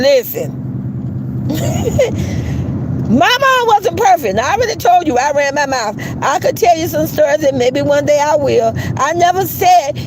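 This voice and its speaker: A YouTuber on a livestream tells stories to her viewers in a high-pitched, animated, chatty voice, laughing often and calling them "you guys." The background is noisy.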